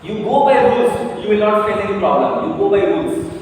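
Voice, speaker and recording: A man teaching a French lesson in English, speaking slowly and repeating each sound and letter many times. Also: sits high, expressive, a little mellow, a little hiss or hum. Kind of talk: online language lesson. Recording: echoey room heard from a distance.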